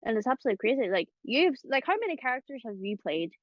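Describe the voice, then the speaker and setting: A woman's voice: fairly high pitch, big pitch swings, quick pace, no echo, dull audio. A woman hosting a casual chat about voice acting, talking chattily with lots of fillers and laughs. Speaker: host.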